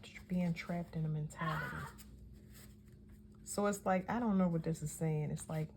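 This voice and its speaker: A woman's voice: deep voice, steady tone, moderate pace, darkish tone, slight background noise. Chatty, emphatic woman reading tarot. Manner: chatty, emphatic, self-correcting. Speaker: tarot reader.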